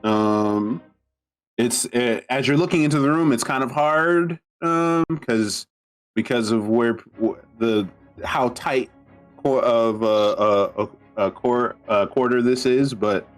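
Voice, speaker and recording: A man's voice: medium pitch, slow, smooth, faint music behind. A man running a tabletop game as dungeon master, narrating hesitantly with many fillers and restarts.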